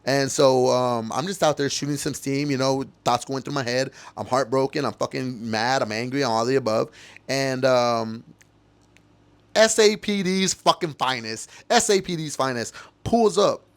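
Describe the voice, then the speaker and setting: Speaking at normal speed in a mid-range voice, a man hosting a podcast delivers an angry personal monologue. It's emotional and repetitive, studded with cursing.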